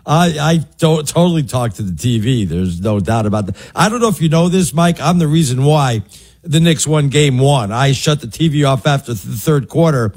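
A man co-hosting a sports radio show, excitable in casual talk, laughing easily and tripping over words. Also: mid-range voice, normal speed, husky. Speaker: radio co-host. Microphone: studio microphone.

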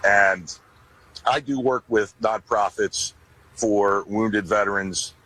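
A man's voice: fairly low pitch, slow pace, pushed and bright, slightly rough, poor audio. A man who is a retired military veteran, speaking bluntly and with indignation in an interview clip.

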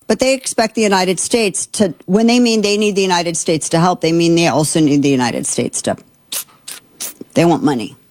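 A woman's voice: lowish voice, normal speed, darkish tone, no room sound. A woman hosting political commentary, indignant and exasperated, talking with many fillers and restarts. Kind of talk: opinionated commentary.

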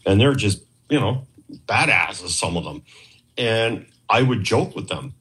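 Low-pitched man from Canada, rambling guest who quotes others as he tells a story. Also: lively intonation, unhurried, a bit bright. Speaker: podcast guest, former investigator. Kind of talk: casual storytelling interview.

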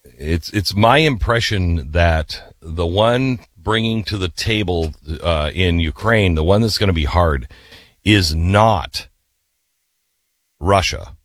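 Low-voiced talk radio host. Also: male voice, no echo. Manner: halting, thinking aloud with ums and sighs. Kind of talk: conversational talk radio with live ad read.

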